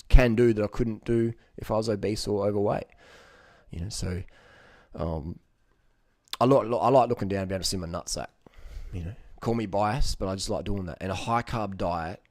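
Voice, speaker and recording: A man speaks in a casual, rambling vlog monologue with a low voice. He is blunt and profane, joking as he goes and leaning on fillers. The recording is dry and close, with no room sound. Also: a little mellow, no echo. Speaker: vlogger giving diet advice.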